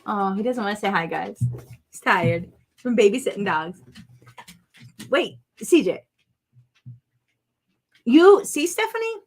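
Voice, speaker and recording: A woman talks through a home crafting session in a loose, rambling way. She chats straight to her viewers and drifts off topic easily. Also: mid-range voice. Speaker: crafting vlog host. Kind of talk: casual chat while crafting.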